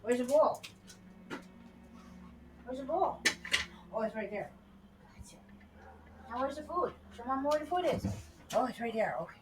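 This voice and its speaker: A woman's voice: high voice, expressive, normal speed, long pauses, noisy background. A middle-aged woman streaming a video game in casual chat, who often mumbles asides to herself. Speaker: gameplay streamer. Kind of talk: casual let's-play chat.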